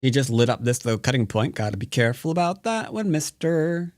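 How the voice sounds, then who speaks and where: A jokey man walks viewers through his moves in live-streamed game commentary. His voice swoops high and low as he clowns around. The sound is dry, with no room around it. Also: big pitch swings, fairly quick, no echo. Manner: playful, jokey, breaks into silly sing-song nonsense. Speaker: Go teacher.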